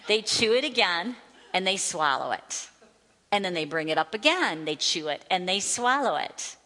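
A woman's voice: medium pitch, a bit bright, long reverb tail. A woman teaching a sermon, speaking emphatically and rising to fervent declarations. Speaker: Bible teacher.

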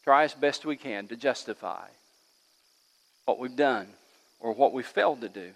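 A man preaching a sermon as pastor in a church, swinging between loud emphatic lines and hushed ones. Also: mid-range voice, normal speed, vocal fry. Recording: long reverb of a large hall.

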